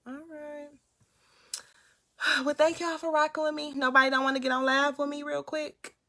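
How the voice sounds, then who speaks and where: A bright-voiced young woman talks casually to her viewers in a live stream from her room at home. She chats easily and answers their comments as she goes, into a phone or webcam. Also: high-pitched, flat delivery, moderate pace. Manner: chatty, reads and answers comments aloud. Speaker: motivational livestream host.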